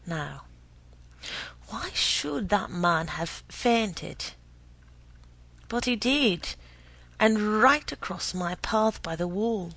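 Woman reader, gravelly, unsettled first-person storytelling with frequent whispers. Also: medium pitch, lively intonation, drawn-out words, pauses often, fairly bright tone, dry recording, poor audio. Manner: often drops to an unvoiced whisper.

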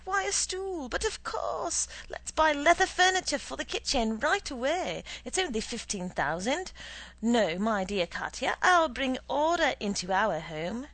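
A woman's voice: medium pitch, very animated, unhurried, a bit bright, heavily acted, low-quality recording. A woman reading the part of a stingy, stern middle-aged husband who lectures in a dry voice. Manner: dry, lecturing, penny-pinching.

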